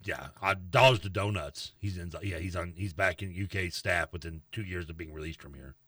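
A man's voice: low voice, fairly quick, a bit bright, no room sound, far from the mic. A man co-hosting a casual sports radio show, complaining with sarcastic exasperation.

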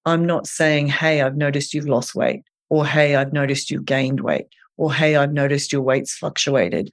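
A calm clinician guest talking through advice gently and earnestly, laying things out one step at a time in a voice of middle pitch. The delivery is steady, caring and patient. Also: unhurried. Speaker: eating disorder clinician guest. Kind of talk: advice in an interview.

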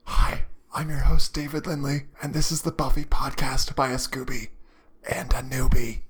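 A man co-hosting a podcast with playful, jokey banter. His voice sits at an ordinary middle pitch, and his talk is loose and easygoing. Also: fairly even intonation, moderate pace, over music. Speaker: podcast co-host. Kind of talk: casual chat.

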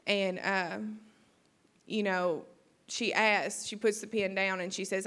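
A young woman giving an emotional personal testimony, halting, with many fillers. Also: medium pitch, steady tone, a bit bright. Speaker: testimony speaker at church.

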